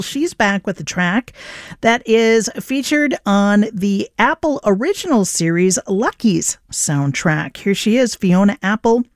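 A woman's voice: mid-range voice, a little mellow, dry recording, clean studio sound. A woman radio DJ announcing songs between tracks, with playful punning asides. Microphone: studio microphone.

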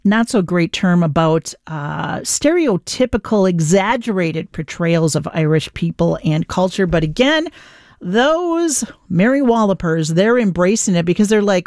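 A woman's voice: lowish voice, animated, moderate pace, darkish tone, dry recording, studio quality. A woman radio DJ, chatting playfully as she tells a story between songs. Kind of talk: casual radio chat.

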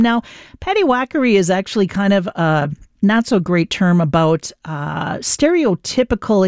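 A woman's voice: fairly low pitch, a little mellow, dry recording. Chatty woman radio DJ, dry studio. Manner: chatty, upbeat, storytelling with fillers. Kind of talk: casual on-air music radio talk.

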